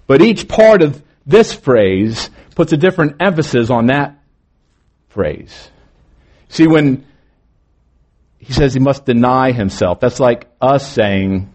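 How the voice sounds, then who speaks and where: A male pastor preaching a morning sermon, moving between emphatic lines and quieter, drawn-out phrases. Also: medium pitch, animated.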